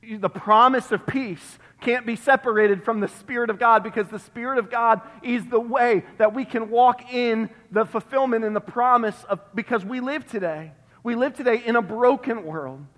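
A male pastor delivering an emphatic sermon, repeating phrases and dropping to a hush on key words, recorded in a church sanctuary. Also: very high-pitched, moderate pace. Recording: long reverb of a church hall.

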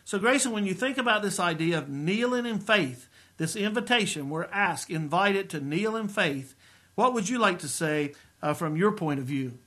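A middle-aged man delivers a sermon in a fairly high voice. He is earnest and emphatic, and he draws out the phrases he wants to land. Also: expressive, a bit bright. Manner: earnest, emphatic preaching with slow stressed phrases. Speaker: preacher. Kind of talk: sermon-style teaching.

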